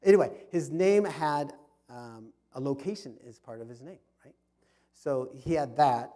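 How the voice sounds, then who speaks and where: A man's voice: medium pitch, lively intonation, a little slow, mellow. A man giving an informal history talk in a fellowship hall, telling the story with frequent restarts and repeated words. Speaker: history club speaker.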